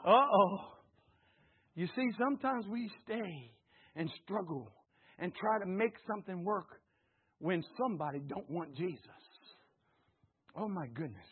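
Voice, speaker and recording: A man preaching a fervent sermon, rising to shouts and dropping low, calling on his congregation to repeat after him, his throat slightly hoarse. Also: expressive, a little slow, long pauses, phone-quality sound.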